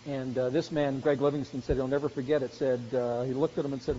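A man's voice: medium pitch, little pitch movement, fast talker, few pauses, warm tone, a little hiss or hum. A man preaching a sermon, earnest and growing emphatic as he presses his point. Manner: earnest, rising to emphatic exhortation. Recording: dull sound with long hall reverb.

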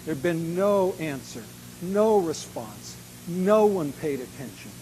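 A man's voice: on the high side, lively intonation, slight background noise, low-quality recording. Preaching man with a dramatic delivery. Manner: dramatic, slows and rises to a shout on key lines. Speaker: pastor. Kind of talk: sermon.

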